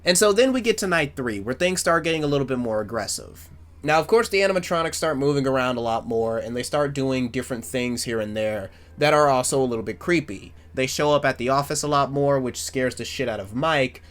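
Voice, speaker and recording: A man giving casual fan commentary as a YouTuber, rambling and swearing in an animated way. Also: medium pitch, a little fast.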